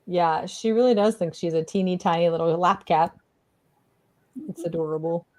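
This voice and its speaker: A bubbly woman co-hosts a pet healing livestream in casual chat, playfully acting out the pets' thoughts in voices. Her voice is fairly low in pitch and a little mellow, at normal speed.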